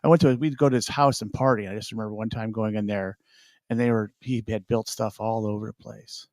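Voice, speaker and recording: A man's voice: on the low side, fairly even intonation, fairly quick, a little mellow, no room sound, studio quality. A man in casual chat, telling old stories with a laugh. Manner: laughing anecdotal storyteller.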